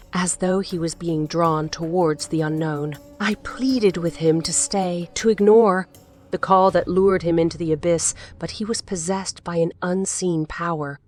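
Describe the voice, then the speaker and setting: A woman voicing a frightened, grieving widow in an audiobook, speaking in a trembling, hushed voice. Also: on the low side, fairly even intonation, measured pace, soft background music, close to an everyday voice. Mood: fearful. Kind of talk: audiobook character voice.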